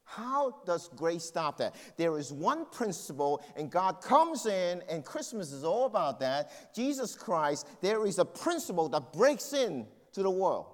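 A man's voice: high-pitched, big pitch swings, measured pace, few pauses. Man preaching in a reverberant hall. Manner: conversational preaching with personal stories. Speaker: pastor. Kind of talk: sermon.

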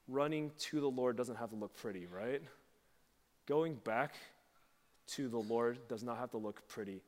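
A man preaching a sermon and animatedly acting out quoted voices as he talks to the congregation. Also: mid-range voice. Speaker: pastor. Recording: long reverb of a large hall.

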